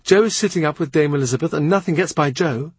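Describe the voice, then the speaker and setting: A man puts on an eager young woman for this audiobook, lifting the voice well above his own. She confides, worries and protests, and her tone stays a little husky and dry. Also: a little high, fast talker, no room sound, pitched above the performer's own voice. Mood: confiding. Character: earnest young woman, a lord's niece. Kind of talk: audiobook character reading.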